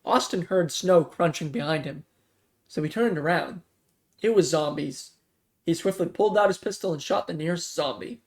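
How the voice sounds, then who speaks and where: A man reading a fan-written zombie story aloud in a plain, quick manner, jumping louder for dialogue. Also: on the high side. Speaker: story reader.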